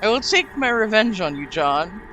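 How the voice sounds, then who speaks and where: A woman's voice: medium pitch, big pitch swings, normal speed, a bit bright, slight background noise, pitched above the performer's own voice. A woman voicing a vengeful, scheming male house cat that makes brooding threats.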